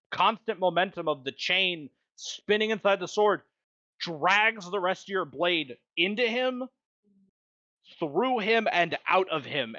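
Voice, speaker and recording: A man's voice: high-pitched, bright, forceful tone, no room sound, lo-fi sound. A man narrating a tabletop game as game master, describing combat vividly.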